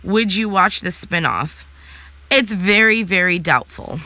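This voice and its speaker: A woman's voice: fairly low pitch, lively intonation, unhurried, pushed and bright, no room sound. A young adult woman vlogger chatting casually and answering live comments, blunt and sassy, swearing freely.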